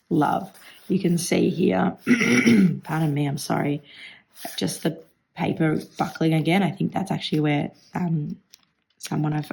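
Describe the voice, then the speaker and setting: A woman with a hoarse, partly lost voice, chatting casually through a stationery flip-through vlog, clearing her throat now and then. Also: deep voice, a little mellow. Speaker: stationery vlogger.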